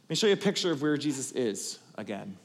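A man preaching a sermon to a congregation, telling the story with animated build-ups that swing from loud emphatic passages to quiet asides. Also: medium pitch, quick pace, big-room sound. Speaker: pastor.

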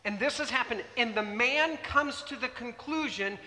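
A man gives a sermon in a high, bright voice, talking to the congregation and asking them questions. His delivery is animated and conversational. The sound carries a long reverb from a large hall. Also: normal speed, few pauses. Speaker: pastor.

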